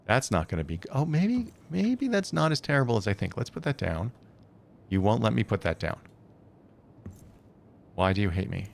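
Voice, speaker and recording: Casting: lowish male streamer, muttering through builds, faint rumble behind. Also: very animated, normal speed, vocal fry, pauses often, darkish tone. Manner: thinks aloud, hesitant, self-correcting. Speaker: streamer building a game base. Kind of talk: casual live-stream chat.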